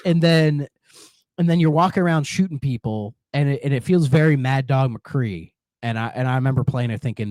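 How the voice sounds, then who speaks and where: A man's voice: medium pitch, a little fast, dry recording, studio quality. A man co-hosting a podcast, chatting casually and in a rambling way about retro games. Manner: rambling, animated, acts out game lines in silly voices. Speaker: podcast co-host.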